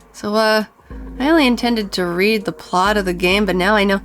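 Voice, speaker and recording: Chatting playfully during a let's play, a gaming streamer laughs and reads the game's lines out loud. She speaks at a normal speed in a mid-range voice, with faint music in the background.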